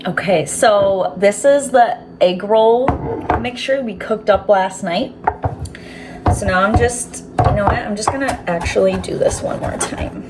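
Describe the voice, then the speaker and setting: A woman's voice: mid-range voice, a little slow, very noisy. A woman cooking in her home kitchen and chatting casually to viewers, giggly and swearing offhandedly. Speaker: cooking vlogger.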